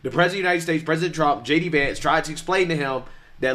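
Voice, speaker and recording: A man's voice: on the high side, quick pace, a bit bright. A man giving casual political commentary, often laughing lightly and asking "right?" as he goes. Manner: chuckles through his points, tags lines with "right?".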